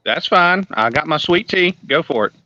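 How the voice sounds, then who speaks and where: A pastor, a man, chats on a video call in short, easygoing replies. His voice is bright and forceful, and the call audio sounds muffled and lo-fi. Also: a little high, expressive, normal speed, dry recording. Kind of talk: casual video-call chat.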